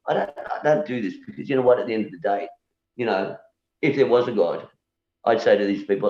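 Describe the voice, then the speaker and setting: A man's voice: lowish voice, brisk, a little mellow. A male musician guest in casual conversation who repeats words and keeps asking "you know?" as he argues his point and challenges beliefs. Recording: echoey room, dull lo-fi sound.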